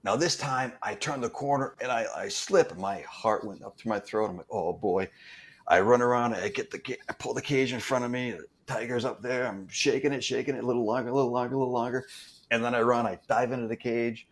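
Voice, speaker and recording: A man with an average-pitched voice recounting his time doing stunts. He talks in a loose, conversational way and stumbles over his words, restarting phrases as he searches for the next thought. It sounds like an unscripted guest on a chat show. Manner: halting, repeats words while recounting. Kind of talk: casual anecdote telling.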